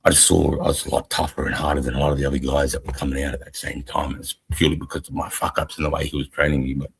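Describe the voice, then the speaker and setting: Gravelly, deep Australian army veteran. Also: male voice, level tone, racing. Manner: blunt, swears constantly, rambling storyteller. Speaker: army veteran and stream co-host. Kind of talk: casual profane war storytelling.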